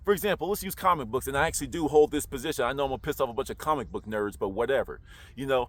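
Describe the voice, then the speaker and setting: A man's voice: medium pitch, very fast, fairly bright tone. A man talking casually to camera in a slangy, roundabout way, full of rhetorical questions. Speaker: online commentator.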